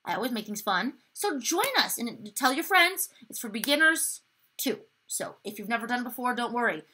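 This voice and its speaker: A woman's voice: a little high, very animated, normal speed, pushed and bright, husky. A woman voice teacher giving an upbeat online singing lesson, encouraging students and demonstrating the exercises herself.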